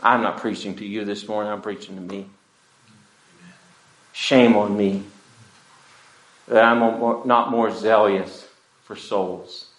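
A man's voice: on the low side, fairly even intonation, takes it slowly, long pauses. Earnest man preaching in echoey church. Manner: earnest, pleading preaching with wide swings in loudness. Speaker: pastor. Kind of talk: sermon.

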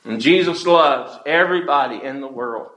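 A man's voice: medium pitch, normal speed. Earnest man preaching in echoey church. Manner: earnest, pleading preaching with wide swings in loudness. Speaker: pastor. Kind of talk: sermon.

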